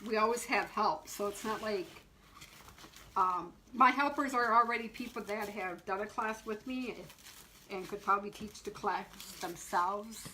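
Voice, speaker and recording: Chatty woman, bright, demonstrating a wreath. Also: mid-range voice, unhurried, slight background noise, low-quality recording. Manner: chatty, laughs often, greets viewers by name. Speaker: wreath shop owner teaching a class. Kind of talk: live-streamed craft demo, chatting with viewers.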